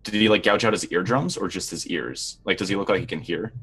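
Fields: Role: tabletop player. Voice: deep, husky. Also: male voice, fairly quick, a bit bright. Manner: describing his character's actions. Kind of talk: tabletop game play.

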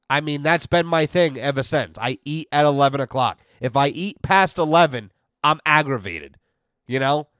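Guy telling a sweary story on his podcast, plays all the voices himself, kinda high clean voice, dry close sound. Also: clean tone, no room sound. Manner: profane, animated, acts out both sides of conversations. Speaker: podcast host. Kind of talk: casual storytelling monologue.

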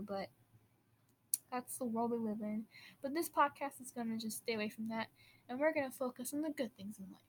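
A woman's voice: fairly high pitch, a little hiss or hum, rough recording. Bubbly fifteen-year-old Wisconsin girl podcasting. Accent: Upper Midwest American. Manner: bubbly, giggly, rambling with restarts. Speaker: podcast host. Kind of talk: casual teen podcast chat.

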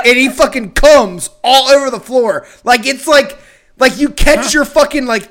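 A young man co-hosting a casual podcast with friends, telling stories and acting out quotes loudly. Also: very high-pitched. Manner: animated storytelling, acts out quotes loudly. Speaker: podcast co-host. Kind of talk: casual chat among friends.

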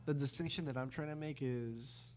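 Young man, host, casual podcast chat, rambling restarts, dry sarcastic humor, middle pitch. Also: normal speed. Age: young adult.

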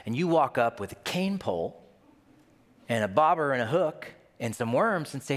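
A man preaching a sermon as pastor in a conversational, animated way, acting out scenes as he tells them. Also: medium pitch, normal speed, long reverb tail.

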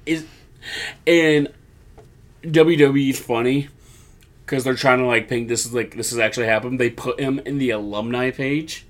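A man's voice: medium pitch, normal speed. Man animatedly recapping wrestling. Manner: animated storyteller, acting out wrestlers' lines. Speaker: podcast co-host. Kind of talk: casual wrestling recap chat.

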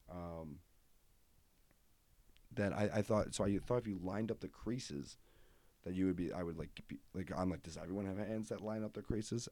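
Young male comedy podcaster, low warm voice, loose rambling delivery. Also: no echo. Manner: rambling, self-interrupting, swears casually. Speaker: podcast host. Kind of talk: casual rambling comedy monologue.

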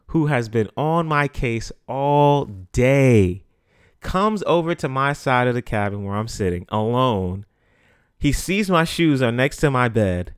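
A man's voice: medium pitch, no echo, clean studio sound. A young adult man hosting a podcast, telling a story in a loose, slangy way and repeating phrases for emphasis. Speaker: podcast host. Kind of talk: casual storytelling.

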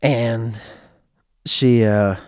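A man hosting a podcast, telling a casual anecdote in a rambling, animated way and jumping higher when he quotes himself. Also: drawn-out words, no echo, clean studio sound. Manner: animated, rises in pitch when quoting himself; rambling, with many fillers. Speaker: podcast host.

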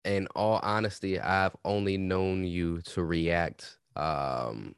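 A man co-hosting a podcast, telling stories in casual, profane, animated chat. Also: sits low, slow, clean tone, no room sound, clean studio sound. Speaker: podcast co-host.

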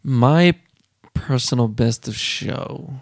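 Man, casual chat, mid-pitched voice, relaxed, dry recording. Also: slow pace, vocal fry, dry recording. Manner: relaxed, brief replies, casual swearing. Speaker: co-host.

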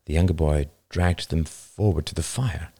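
A man's voice: a bass voice, normal speed, warm tone. A man narrating a novel as its author, reading expressively and dramatically.

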